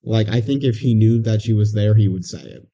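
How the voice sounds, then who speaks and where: Low-voiced man, dull lo-fi sound. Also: a little fast, dark tone. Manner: agreeable, analytical interjections. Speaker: podcast co-host. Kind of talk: casual movie discussion.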